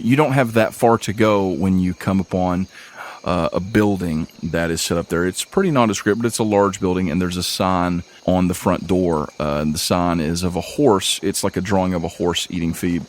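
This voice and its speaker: A man's voice: sits low, fairly even intonation, normal speed. A man narrating as game master of a tabletop game, casual and easygoing with frequent uhs and laughs. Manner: casual, laughs between lines, lots of uh.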